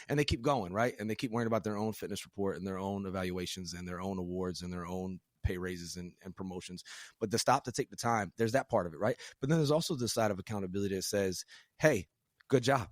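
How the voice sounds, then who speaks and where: A man hosting a podcast, talking emphatically in a casual, rant-like way, jumping between loud and quiet. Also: fast, dry recording, clean studio sound. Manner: emphatic, rant-like with big swings in pitch and loudness; casual slang. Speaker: podcast host. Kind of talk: motivational podcast conversation.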